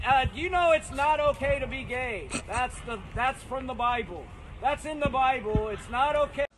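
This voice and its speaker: A man's voice: very high-pitched, moderate pace, noisy background. A man in a mocking comedy skit, sounding snide and preachy.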